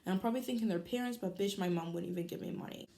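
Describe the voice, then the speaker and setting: A teenage girl telling a storytime on her vlog in a loud, animated, chatty way. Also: medium pitch, very fast, slight background noise. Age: teens. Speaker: vlogger. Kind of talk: casual storytime.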